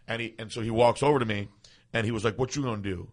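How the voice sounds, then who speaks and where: A man co-hosting a podcast, telling a story in a casual, animated way, swearing and laughing often. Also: lowish voice, fast. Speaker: podcast co-host.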